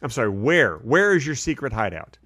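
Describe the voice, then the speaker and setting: A man co-hosting a podcast in casual chat, teasing and joking with quick playful asides. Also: mid-range voice, big pitch swings, fairly bright tone, dry recording. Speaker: podcast co-host.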